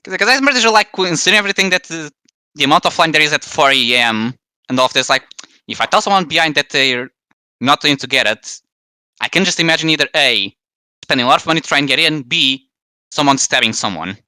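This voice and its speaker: A man playing in a tabletop game, talking quickly and casually with some hesitation. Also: a little high, animated, sharp tone, clean tone, no room sound. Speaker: player. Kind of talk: casual tabletop role-play.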